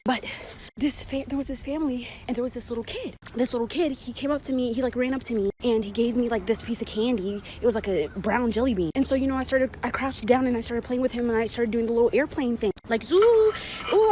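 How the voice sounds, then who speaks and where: A woman's voice: a little high, fast talker, a little hiss or hum. A woman out of breath, telling a story to camera as a profane, exasperated rant.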